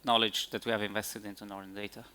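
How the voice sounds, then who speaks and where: Bright-voiced male conference speaker. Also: on the low side, little pitch movement, fast talker, clear, resonant tone. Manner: hesitant, many fillers and restarts. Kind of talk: conference Q&A answers.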